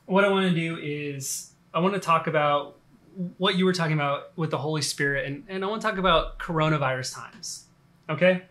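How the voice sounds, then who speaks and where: A man giving a relaxed, conversational sermon, full of fillers and restarts. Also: fairly high pitch, a little fast. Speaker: pastor.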